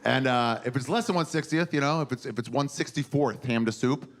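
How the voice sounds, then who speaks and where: A man in his forties doing a crude, animated stand-up comedy set on a theater stage, acting out characters as he tells stories. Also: medium pitch, a little fast. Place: theater stage before a live audience. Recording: noisy live room with audience laughter.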